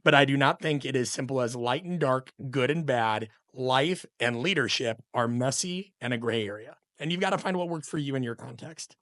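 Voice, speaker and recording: A middle-aged man in the middle of a podcast conversation, talking with fired-up conviction and pressing his points hard. His pitch sits in an ordinary middle range, and the recording is close and dry. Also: moderate pace, hardly any pauses, fairly bright tone, no room sound. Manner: passionate and ranting, emphatic. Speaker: guest, coach and author.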